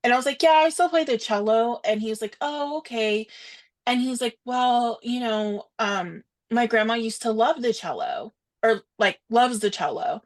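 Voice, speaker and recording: Chatty young woman telling a story. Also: a little high. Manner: animated, quoting others in quick asides, lots of "like". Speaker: podcast co-host. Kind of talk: casual storytelling chat.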